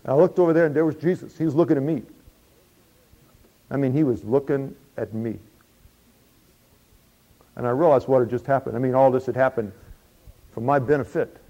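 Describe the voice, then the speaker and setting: Speaking fast in a steady, mellow, medium-pitched voice, a lightly acting performer plays a former tax collector turned disciple. The monologue is first-person and dramatic, folksy and confiding with dry humor, heard through a dull lo-fi recording.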